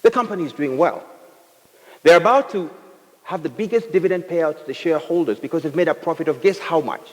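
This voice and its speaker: A man with a Kenyan accent speaks briskly in a slightly high voice, giving a humorous talk to a live audience in an event hall. He tells comic stories and teases the crowd, and the reverberant hall carries faint noise.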